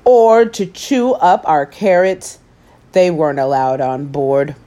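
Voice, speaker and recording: A woman hosting story time, reading a children's picture book aloud with expressive, animated delivery. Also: low-pitched, takes it slowly.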